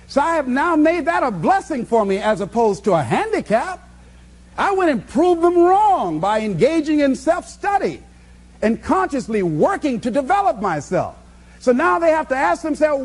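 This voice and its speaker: A man's voice: extremely high pitch, big pitch swings, moderate pace, a little mellow, husky. A man giving a motivational speech to a live audience, preaching emphatically and repeating phrases for effect. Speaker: motivational speaker.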